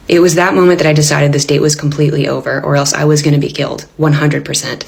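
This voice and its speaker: A woman's voice: deep voice, little pitch movement, fast, gravelly, hardly any pauses, husky. A woman telling a funny personal story to camera in a casual way, with wry, dry comic timing.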